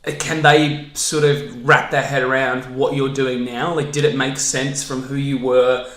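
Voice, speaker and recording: A man's voice: mid-range voice, level tone, unhurried, fairly bright tone. Easygoing male podcast host, echoey room. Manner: easygoing, prompts with questions, laughs often. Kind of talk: casual podcast interview.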